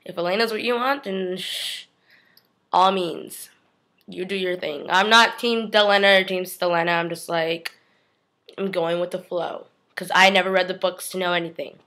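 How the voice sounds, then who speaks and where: A woman's voice: fairly low pitch, steady tone, moderate pace, pushed and bright. A woman chatting through a casual TV episode recap at home, rambling and filling her talk with "like". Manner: chatty, rambling, heavy use of "like". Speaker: TV recap vlogger.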